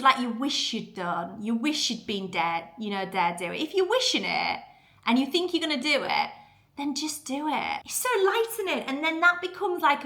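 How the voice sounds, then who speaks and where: A woman's voice: on the high side, sharp tone. A woman, giving an earnest, chatty motivational talk as a podcast host. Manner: chatty, earnest, lots of fillers.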